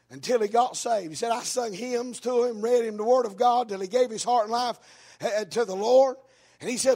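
A man preaching a fiery sermon in church, telling a story with a preaching cadence that rises into shouts. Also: high voice, creaky. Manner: preaching cadence, rising into shouts, drawn-out words.

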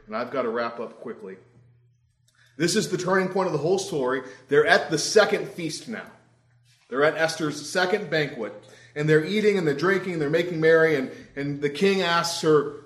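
Wry, animated young preacher. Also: male voice, fairly high pitch. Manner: conversational, wry, animated storyteller. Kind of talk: sermon. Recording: roomy echo.

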